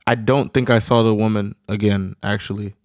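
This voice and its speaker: A woman's voice: rumbling low, steady tone, moderate pace, darkish tone. A woman reacting casually to a film recap, blunt and swearing freely. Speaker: co-viewer reacting.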